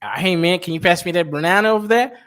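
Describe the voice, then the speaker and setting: A man's voice: high voice, fast, fairly bright tone, pitched above the performer's own voice. A man putting on a casual American tourist who drawls while he haggles at a market. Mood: laid-back.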